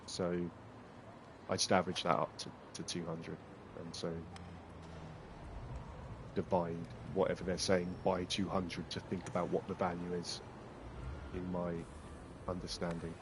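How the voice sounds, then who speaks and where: A man's voice: low voice, level tone, a little slow, long pauses, background noise. A man giving casual, self-mocking, sarcastic commentary while streaming a game.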